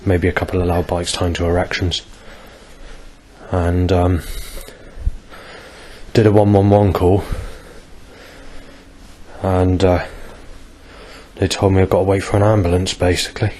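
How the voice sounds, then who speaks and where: A man's voice: sits low, little pitch movement, a little slow, pauses often, darkish tone, a little hiss or hum. A man in pain, rambling through a coarse and bitter personal video diary between coughs. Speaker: vlogger.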